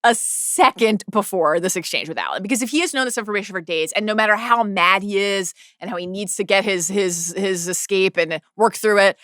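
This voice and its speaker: A woman co-hosting a TV recap podcast in casual chat, animated, with quick asides and restarts. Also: medium pitch, no echo, studio quality. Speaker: podcast co-host.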